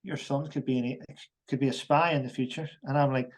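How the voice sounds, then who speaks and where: A man who is an army veteran, a guest on a podcast, talking frankly and haltingly with many restarts. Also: medium pitch, steady tone. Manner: halting, repeats words, frank. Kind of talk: casual podcast chat.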